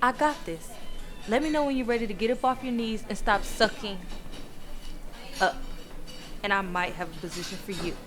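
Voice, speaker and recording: Curt woman in her prime, an actress playing a tough mother who cuts people off, mid pitch. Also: moderate pace, long pauses, over music, lightly acted. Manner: curt, blunt, cutting. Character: sharp no-nonsense woman, custody fight with ex, 30s.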